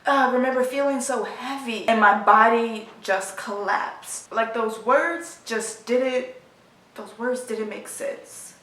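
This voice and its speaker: A woman of about twenty, telling a personal story in a halting, emotional way full of fillers, recorded in her apartment. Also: on the high side, steady tone, a bit bright, recorded from a distance. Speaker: vlogger. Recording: roomy sound, voice from off the mic.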